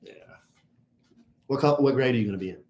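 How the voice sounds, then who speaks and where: A man's voice: mid-range voice, fast. A middle-aged man co-hosting a podcast in casual, joking chat. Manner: lively, joking, talks with his son. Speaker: podcast co-host. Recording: echoey room with faint noise.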